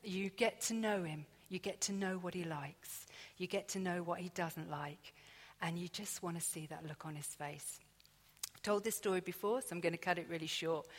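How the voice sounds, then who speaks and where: A woman preaches in a chatty, confiding way, acting out her own thoughts as she tells stories. Her voice sits a little low. Her words ring out with a long echo from a hall. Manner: chatty, confiding, acts out inner dialogue. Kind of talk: conversational sermon with personal stories. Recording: echoey hall.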